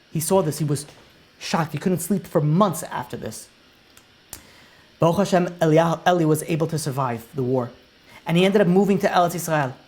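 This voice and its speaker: A rabbi recounting a gripping tale to his listeners. He speaks with lively, animated delivery and slips into the characters' voices as the story moves along. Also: a little high. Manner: animated retelling that acts out the characters' lines. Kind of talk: dramatic storytelling lesson.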